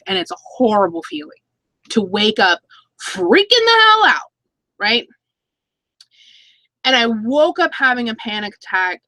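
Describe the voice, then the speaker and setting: A woman's voice: mid-range voice, bright, forceful tone, no room sound, rough recording. A woman in her thirties hosting a casual live-stream chat, reading viewer comments aloud and laughing between stories. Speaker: YouTube channel host.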